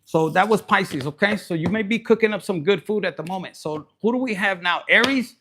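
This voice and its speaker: A man's voice: sits high, fairly quick, noisy background. A man giving a raunchy, joking live tarot reading, slipping in Spanish. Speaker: tarot reader.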